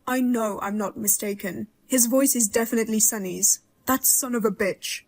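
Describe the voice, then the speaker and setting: A woman's voice: fairly high pitch, moderate pace, a little mellow. A woman voicing a blunt, outraged mother-in-law who jokes darkly and talks sharply. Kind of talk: dramatized story voice-over.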